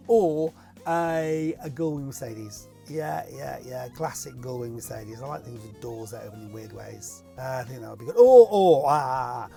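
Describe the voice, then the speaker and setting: Guy doing casual q&a, rambly and chatty, gravelly voice, faint music behind. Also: mid-range voice, mellow. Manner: chatty, rambling, laughs between answers, reads questions aloud. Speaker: host answering viewer questions. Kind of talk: casual Q&A chat to camera.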